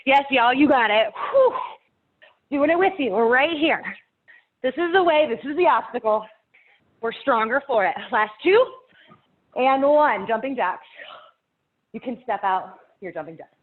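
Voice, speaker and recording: A woman's voice: sits high, lively intonation, a little slow, pauses often. A woman fitness instructor, out of breath as she cues a live workout class, counting down reps and cheering people on. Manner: encouraging, counts down reps, laughs between cues. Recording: tinny phone-like audio.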